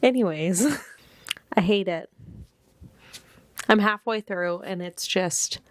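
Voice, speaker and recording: Slow-talking young woman book vlogger. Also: medium pitch, dry recording. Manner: chatty, rambling, many fillers and restarts. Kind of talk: casual reading vlog chat. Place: at home, seated in one spot. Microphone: camera set in place.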